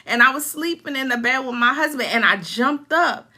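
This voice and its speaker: High, bright-voiced earnest woman. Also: normal speed. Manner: earnest, emotional, vividly acting out past scenes. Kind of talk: casual heartfelt talk to viewers.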